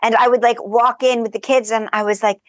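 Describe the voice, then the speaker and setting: A woman as a podcast guest, telling lively anecdotes in casual chat and laughing as she goes. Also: a little high, brisk, no echo. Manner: animated, chatty, laughs through her stories.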